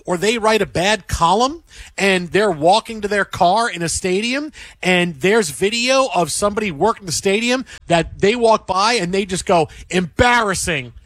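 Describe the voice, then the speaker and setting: A man's voice: high voice, moderate pace, fairly bright tone, no echo. A man hosting sports talk radio, ranting emphatically and repeating himself as he acts out what others say.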